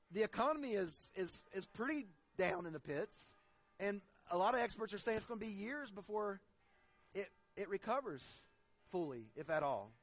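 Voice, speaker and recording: High-voiced man preaching a sermon. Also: very animated. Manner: conversational storytelling with frequent restarts; reads scripture slowly and deliberately. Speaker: pastor.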